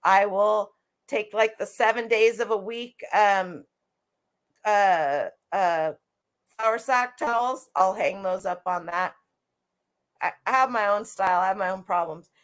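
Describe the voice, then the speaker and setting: A woman's voice: medium pitch, unhurried. Chatty woman hosting a vintage live stream. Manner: chatty, rambling, with frequent restarts. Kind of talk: casual live-stream chat.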